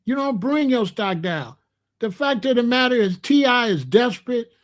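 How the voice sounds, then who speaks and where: A man's voice: very high voice, lively intonation, normal speed. A man giving opinionated commentary in a vlog, talking emphatically, repeating himself and using slang. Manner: emphatic, repetitive, slangy, preachy. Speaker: rap commentator.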